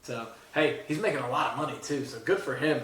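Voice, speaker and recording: Middle-aged dad, roomy far-off sound. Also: male voice, medium pitch, fast talker, fairly bright tone. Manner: laid-back, teasing, prompting questions. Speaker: podcast co-host and dad. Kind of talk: casual sports chat. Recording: roomy, from mic distance.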